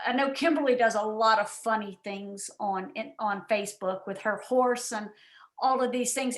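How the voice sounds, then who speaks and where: A woman giving an animated, chatty coaching talk on a team call, full of asides. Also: a little high. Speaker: guest speaker and coach. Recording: roomy echo.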